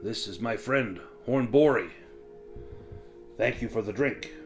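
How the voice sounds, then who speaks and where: A man voicing a gruff, weary male dwarf traveler in a tabletop game. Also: mid-range voice, unhurried, soft background music, natural voice.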